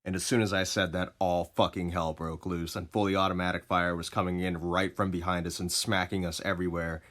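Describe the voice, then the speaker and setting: A man casually telling a story, laid-back and expressive, with plenty of swearing. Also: low voice, a little fast.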